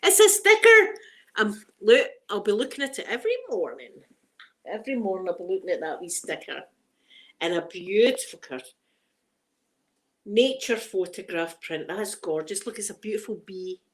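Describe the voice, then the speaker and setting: A woman's voice: mid-range voice, animated, normal speed. Chatty Scottish woman unboxing gifts. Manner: chatty and emotional, stumbles when reading aloud. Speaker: ASMR channel host. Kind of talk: casual unboxing chat.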